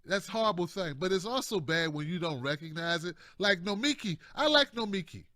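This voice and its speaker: A man's voice: high voice, expressive, fairly quick, sharp tone, no room sound, studio quality. A man hosting casual political commentary, talking in a slangy, repetitive, chatty way with frequent laughs.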